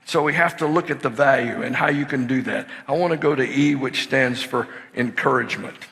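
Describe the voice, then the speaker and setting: An older man preaching a sermon, telling stories that swing from hushed to excited shouting. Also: mid-range voice, fairly quick, vocal fry. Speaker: pastor. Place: church sanctuary. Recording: long hall reverb in a church.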